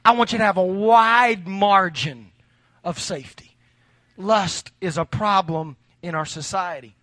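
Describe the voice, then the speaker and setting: High bright-voiced male preacher. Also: a little slow, no room sound. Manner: preaching with a long joke told in character voices. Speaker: pastor. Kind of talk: sermon.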